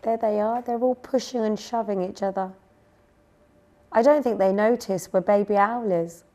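A woman reading a picture book aloud to young children, gently asking them questions along the way. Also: mid-range voice, moderate pace. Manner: gentle, asks listeners questions. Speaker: storyteller.

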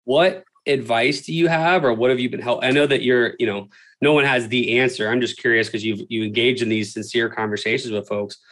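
A man's voice: mid-range voice, fairly even intonation, brisk, fairly bright tone, rough recording. A man hosting an interview, speaking earnestly with frequent restarts and fillers. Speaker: host. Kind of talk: interview questions and conversation.

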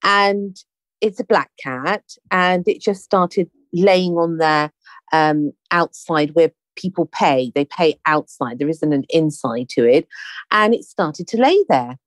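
A woman hosting a conversation, telling a story in a chatty, animated way and acting out the dialogue. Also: low-pitched, slow, dry recording. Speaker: podcast host. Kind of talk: casual anecdotal storytelling.

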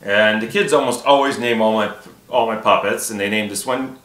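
Bright-voiced male puppeteer, rambling. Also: on the low side, normal speed. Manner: rambling, hesitant, many fillers. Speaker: church puppeteer, guest. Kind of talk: casual interview chat. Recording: echoey room.

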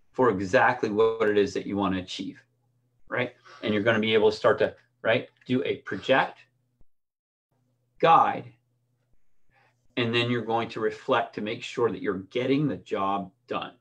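A middle-aged man, a swim coach, giving a conversational lesson with personal stories, often restarting and checking in with "right?". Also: on the low side. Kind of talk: instructional talk with personal stories.

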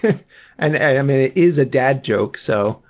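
A man's voice: mid-range voice, animated, unhurried. A man co-hosting a podcast in casual chat, with dry, wry humor. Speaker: podcast co-host.

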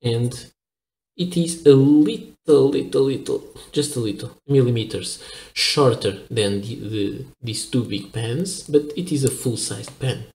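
A man from Portugal talks through a fountain pen review at an unhurried pace. He explains carefully, pausing and restarting as he shows details to the camera. His voice sits mid-range and carries a noticeable room echo. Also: medium pitch, a little mellow. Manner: careful, hesitant explaining while handling objects. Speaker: pen reviewer, channel host. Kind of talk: product review with demonstration.

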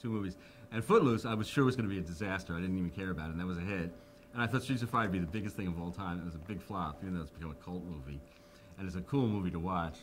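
A man's voice: sits low, slight background noise. A man in his fifties, being interviewed, telling anecdotes animatedly and acting out the people he quotes. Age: 50s.

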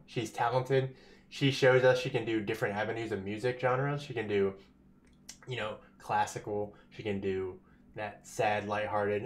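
A man talking casually and excitedly as he reacts to a music video, full of slang. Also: mid-range voice. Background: song playing faintly.

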